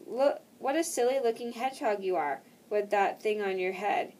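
A woman's voice: medium pitch, normal speed, a little mellow, recorded from a distance, natural voice. A woman reading aloud as a male barn cat who teases from above. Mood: teasing. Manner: teasing, purring.

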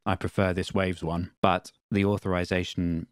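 A man teaching music production in a screen-recorded software tutorial, explaining in a plain, matter-of-fact way. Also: low-pitched, flat delivery, normal speed, clear, resonant tone, no room sound, clean studio sound.

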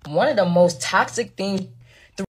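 A woman's voice: medium pitch, moderate pace, husky. A woman reading a dramatic story aloud, full of slang and asides to the viewers.

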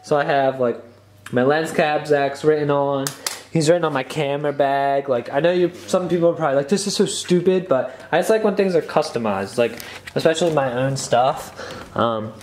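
A teenage boy vlogging casually in his bedroom, excited and slangy, saying "like" a lot. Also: fairly high pitch, moderate pace, a little hiss or hum. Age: teens. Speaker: YouTube vlogger and streamer. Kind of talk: casual vlog chat. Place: bedroom with a streaming setup, indoors.

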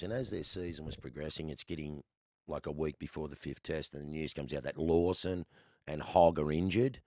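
An Australian man in his sixties, a guest telling lively stories in a casual chat, laughing often. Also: rumbling low, dry recording, clean studio sound. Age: 60s. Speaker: guest, former cricketer.

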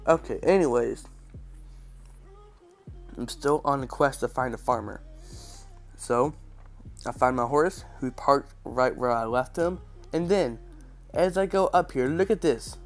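A man's voice: medium pitch, a little slow, pauses often, faint music behind. Stuffy-nosed man joking through game commentary. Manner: joking, sarcastic, rambling. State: stuffy, congested nose. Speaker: gaming channel host.

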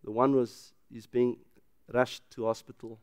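A middle-aged man, a pastor who preaches with loud, emphatic rises and then drops into a quiet, personal telling. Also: mid-range voice, flat delivery, a little slow, clean tone, no room sound, studio quality. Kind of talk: sermon.

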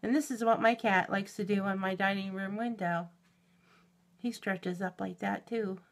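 A middle-aged woman opening a mail package in a home vlog, gushing and giggling, shaky with excitement. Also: medium pitch, moderate pace. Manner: gushing and giggly, exclaims often. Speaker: YouTube reviewer. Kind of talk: unboxing vlog.

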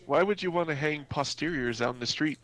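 A co-player on a casual game stream who answers the chaos with dry, deadpan questions. The voice sits at an ordinary pitch. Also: brisk, poor audio. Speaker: co-player friend. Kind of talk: casual let's-play chat.

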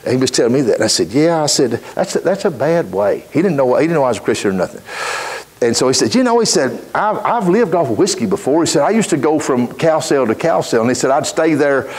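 A middle-aged man with a drawl preaches in church, spinning homespun stories from the pulpit. His voice sits on the high side. He swings from easy, rambling anecdote to fervent, shouted exhortation. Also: very animated, fast talker. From Texas. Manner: folksy, rises to shouted fervor. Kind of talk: storytelling sermon.

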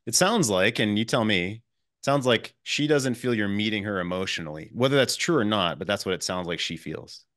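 A male relationship coach asking calm, probing questions on a coaching call. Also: lowish voice, moderate pace, dry recording, studio quality. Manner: probing, asks guiding questions.

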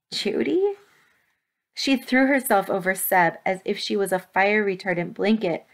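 A woman teacher reading a children's novel aloud with steady, expressive storytelling. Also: fairly low pitch. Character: brave young girl heroine. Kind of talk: children's book read-aloud.

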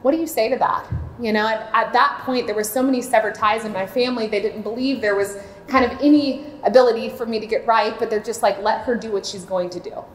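A woman's voice: on the high side, fairly even intonation, fast talker, a little hiss or hum. A woman in her late thirties from Florida gives a heartfelt personal testimony at a church seminar. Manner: earnest and heartfelt, speaking openly. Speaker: speaker, maternity home director. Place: church hall. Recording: echoey church hall.

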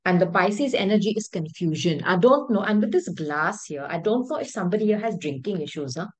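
A woman with a fairly low voice reads tarot straight to her viewers. She talks in an emphatic, rambling way. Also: lively intonation, brisk, darkish tone, rough recording. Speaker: tarot reader. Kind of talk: spoken tarot reading to viewers.

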